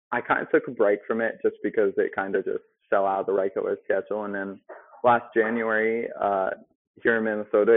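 A man's voice: lowish voice, dry recording. A young man, a restaurant manager, answering interview questions hesitantly with many fillers. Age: young adult. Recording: phone-like, dry line.

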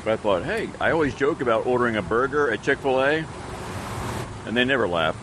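A man's voice: mid-range voice, lively intonation, brisk. Playful man on a noisy outdoor patio. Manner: joking, playful, easygoing. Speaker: podcast co-host. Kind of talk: casual chat. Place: outdoor restaurant patio beside traffic. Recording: outdoor recording with traffic noise.

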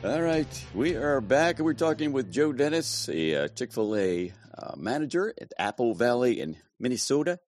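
A man's voice: mid-range voice, lively intonation, moderate pace, hardly any pauses, a little mellow, no echo, faint music behind. A man hosting a podcast in a playful, joking manner, introducing segments and guests. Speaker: podcast host.

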